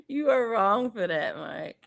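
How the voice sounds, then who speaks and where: Reading viewer comments aloud, a middle-aged woman chats and laughs her way through a relaxed livestream she's hosting. She has a high-pitched, slightly bright voice with vocal fry.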